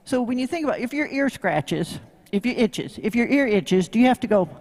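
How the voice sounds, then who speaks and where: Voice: mid-range voice, animated, brisk, in a large hall. A horsemanship instructor with a Tennessee accent, giving a folksy, joking live demo talk and quizzing the crowd. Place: live event venue.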